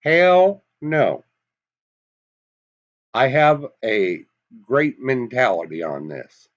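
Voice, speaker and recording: A man's voice: medium pitch, lively intonation, very slow, lo-fi sound. A man with a Massachusetts accent giving an emphatic, folksy opinion monologue, full of rhetorical questions. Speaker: commentary vlogger.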